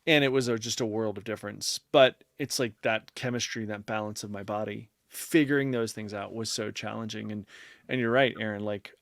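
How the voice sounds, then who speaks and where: A man's voice: medium pitch, dry recording. A man co-hosting a casual podcast who rambles a little and reads listener comments aloud. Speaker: podcast co-host.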